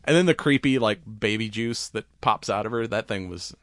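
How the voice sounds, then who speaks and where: A man's voice: lowish voice, a little fast, a bit bright. A man casually recapping a film plot in a rambling way, laughing often and swearing freely. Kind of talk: casual movie recap chat.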